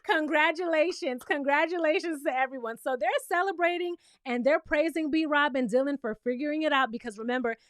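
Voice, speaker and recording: A woman's voice: sits high, brisk, few pauses, a bit bright, dry recording, studio quality. A woman giving casual, sassy commentary as she recaps a reality TV show, talking straight to her viewers with lots of emphasis. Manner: acts out quotes in exaggerated voices. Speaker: TV recap reviewer.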